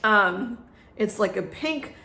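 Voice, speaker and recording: A woman's voice: medium pitch, animated, slow pace, background noise. A woman talking through a casual personal vlog, rambling and chatty, with many fillers and frequent laughs. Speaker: vlogger. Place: at home, echoey room. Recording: echoey room.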